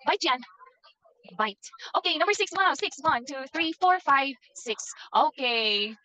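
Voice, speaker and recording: Seorang wanita guru bahasa Inggris daring, dengan sabar mengeja kata huruf demi huruf dan mengulanginya untuk seorang anak kecil, suara kering lewat mikrofon panggilan video. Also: female voice, high-pitched, lively intonation, unhurried, bright, forceful tone, no room sound, low-quality recording. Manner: patient, spells words out letter by letter and repeats them. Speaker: online English teacher. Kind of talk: phonics lesson with a young child.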